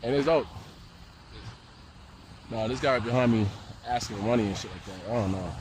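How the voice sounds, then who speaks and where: A young American man vlogging outdoors, talking in a slangy, laid-back, animated way as he walks city streets. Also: medium pitch, a little fast, a little hiss or hum. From United States. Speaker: travel vlogger. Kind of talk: casual walk-and-talk vlog.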